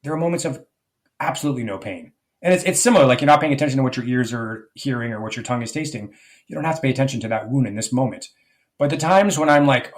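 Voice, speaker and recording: A man's voice: medium pitch, animated, fast. A man speaking as a life coach guest in a podcast interview, reflective and rambling, with many fillers and restarts.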